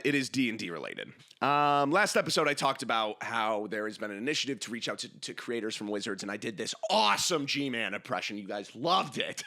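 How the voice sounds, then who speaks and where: Young male podcast host, bright and lively voice, rambling, self-mocking, casual chat. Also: mid-range voice. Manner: rambling, self-mocking, jumps between tangents.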